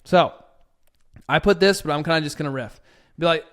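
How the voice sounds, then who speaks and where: A man's voice: on the high side, fairly quick. A young man in his twenties giving a casual spoken lesson, talking loosely with lots of fillers and acting out both sides of a sales conversation. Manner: filler-heavy and conversational, acting out client dialogue. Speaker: copywriting course instructor.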